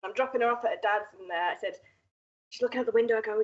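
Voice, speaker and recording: Woman guest, husky voice, frank and sweary, on a dull lo-fi mic. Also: a little high, rapid-fire. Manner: frank, swears, laughs often. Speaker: podcast guest. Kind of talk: casual podcast chat. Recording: muffled lo-fi mic.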